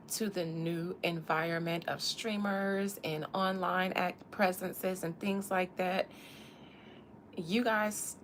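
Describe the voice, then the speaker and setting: Sassy Southern woman with a gravelly drawl. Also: fairly low pitch, slight background noise. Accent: Southern American. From American South. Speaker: tarot reader and channel host. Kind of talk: casual livestream reading.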